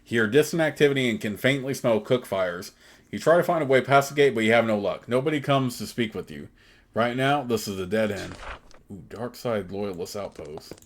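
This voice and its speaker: Man, let's play host, reads game text aloud, steady delivery, casual asides, mid-range pitch. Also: fairly quick, slight background noise.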